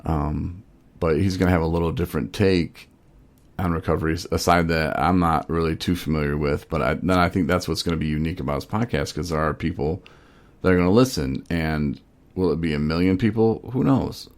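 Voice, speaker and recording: A man's voice: rumbling low, fairly quick, dry recording. A man hosting a podcast, telling stories in a rambling, laid-back, casual way. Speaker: podcast host.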